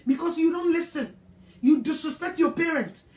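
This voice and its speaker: Ghanaian lady preacher scolding hard, pretty high voice, roomy echo. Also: moderate pace, a little mellow. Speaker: evangelist. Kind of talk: sermon.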